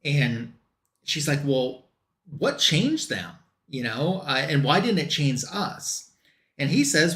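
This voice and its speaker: A man's voice: a little high, big pitch swings, takes it slowly, fairly bright tone, reverberant. A man recapping a comic book story in a loose, run-on way, quoting the characters as he goes.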